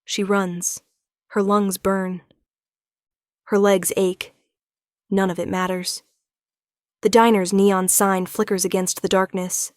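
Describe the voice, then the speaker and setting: A woman narrating a scripted romance story in a measured, dramatic storytelling style, recorded on a close mic. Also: mid-range voice, clean tone, no echo.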